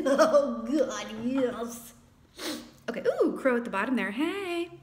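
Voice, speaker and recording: A woman giving a casual tarot reading to camera, animated and quick to exclaim, acting out quoted lines. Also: a little high. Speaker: tarot reader.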